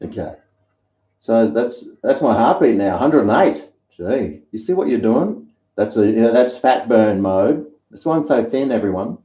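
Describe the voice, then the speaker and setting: A man's voice: mid-range voice, lively intonation, measured pace, dark tone. Rambling Australian man, roomy lo-fi chat. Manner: rambling, chatty storytelling. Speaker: live streamer. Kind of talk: casual live-stream chat. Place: home kitchen. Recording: roomy, dull lo-fi sound.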